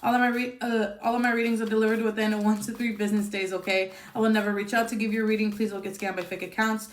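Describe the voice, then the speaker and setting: A woman's voice: mid-range voice, flat delivery, fast talker. A woman giving a casual tarot reading, blunt and emphatic, swearing freely and using lots of fillers. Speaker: tarot reader. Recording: echoey room.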